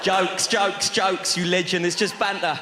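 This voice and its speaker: On a big theatre stage, a male stand-up comedian cheekily banters with the crowd in a high, fairly flat voice at a somewhat slow pace. The live recording carries long reverb, with loud laughter and audience noise behind him.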